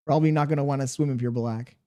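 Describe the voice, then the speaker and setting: A man's voice: mid-range voice, warm tone. A young man with a sore throat, live streaming and reading his chat aloud, laid-back and chuckling as he answers. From Chicago, USA. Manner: laid-back, chuckling, drifts between slow and quick talk.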